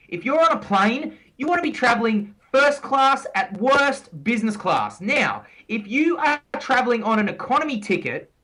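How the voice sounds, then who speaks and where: A male podcast co-host with a bright, forceful voice. He talks casually, in the manner of a motivational coach, and hammers his points home by saying them twice. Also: high-pitched, rough recording. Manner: pep-talk delivery, repeats key phrases for emphasis.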